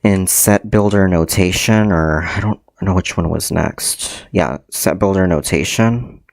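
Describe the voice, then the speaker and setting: A man's voice: deep voice, a little slow, creaky, no room sound. A man teaching a livestreamed math lecture, hesitant, with many ums and frequent self-corrections.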